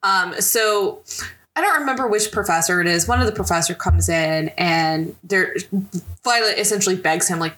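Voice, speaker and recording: Bright-voiced woman recapping a book. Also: lowish voice, normal speed. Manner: chatty recapping, laughs often. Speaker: podcast co-host. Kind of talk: casual book chat.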